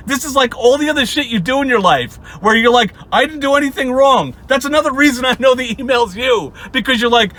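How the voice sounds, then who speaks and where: A man's voice: very high voice, sharp tone. A young man hosting his channel, ranting at someone in sarcastic, profane commentary and laughing often. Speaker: channel host.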